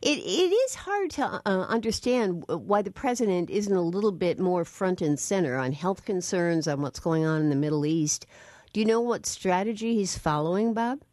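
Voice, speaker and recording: A woman's voice: lowish voice, lively intonation, normal speed, darkish tone, no echo, studio quality. A woman hosting a radio talk show, asking her guest questions in a conversational way. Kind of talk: radio interview.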